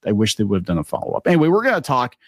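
A man's voice: medium pitch, wildly swooping pitch, racing, no echo. Chatty man with a cartoonish voice. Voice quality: cartoonish-sounding voice. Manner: rambling, chatty, many fillers and restarts. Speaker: video commentary host. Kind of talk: casual opinion commentary.

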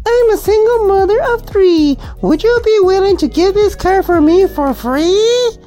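A woman's voice: extremely high pitch, animated, a little slow, warm tone, pitched above the performer's own voice. Man putting on a whiny begging single mom. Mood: pleading. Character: pleading broke single mother of three.

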